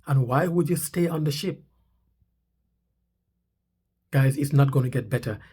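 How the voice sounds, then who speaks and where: A Canadian commentary-channel host reacts to news clips, talking insistently and repeating his points with rising emphasis. His mid-range voice is mellow with a breathy edge and fairly quick.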